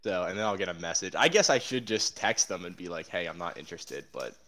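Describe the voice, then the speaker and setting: Easygoing young man, lowish voice. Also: animated, fast, bright, forceful tone. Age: young adult. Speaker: podcast co-host. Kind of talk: casual chat.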